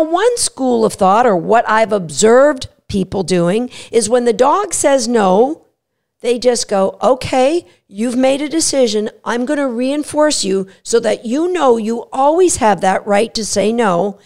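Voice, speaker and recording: A woman's voice: fairly high pitch, gravelly. A woman hosting a podcast on dog training, talking emphatically and acting out what dogs say. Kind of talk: podcast monologue.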